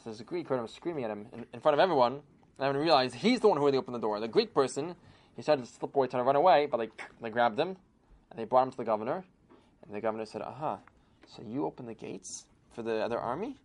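A man telling a folk tale aloud in an animated manner, with sudden emphatic bursts. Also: mid-range voice, racing. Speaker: storyteller. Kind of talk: oral storytelling.

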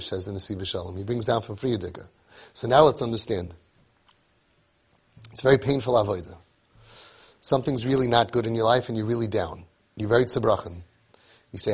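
Husky-voiced man telling a rabbinic story. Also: mid-range voice. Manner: storytelling with Yiddish and Hebrew words, animated asides. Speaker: rabbi giving a Torah talk. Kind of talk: sermon.

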